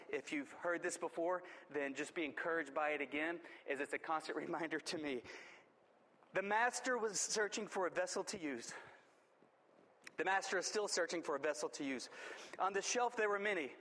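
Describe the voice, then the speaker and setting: A man's voice: on the high side, a bit bright, a little hiss or hum. A man preaching a sermon, urging his listeners with fervent, emphatic exhortation.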